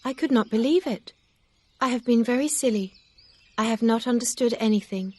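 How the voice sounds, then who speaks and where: A woman's voice: fairly high pitch, normal speed, a little mellow, dry recording, pitched above the performer's own voice, natural voice. A woman voicing an earnest, upset young woman in an audiobook reading, talking in a pleading, emphatic way.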